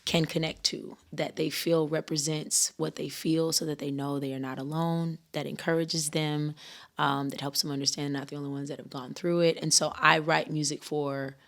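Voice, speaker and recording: A woman recording artist who is a guest on a podcast, describing her own work in measured, declarative statements. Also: low-pitched, little pitch movement. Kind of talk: podcast interview.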